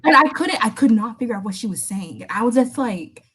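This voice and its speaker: A young woman co-hosting a podcast, telling animated stories in casual chat and laughing often. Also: a little high, a little fast, crowd noise, low-quality recording. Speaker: podcast co-host.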